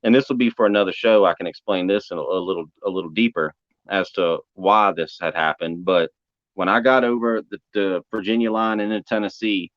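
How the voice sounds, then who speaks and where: A man's voice: sits low, steady tone, fairly quick, a bit bright, dry recording. A man telling a story in casual, folksy talk, often calling the listener man or brother. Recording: dull muffled sound.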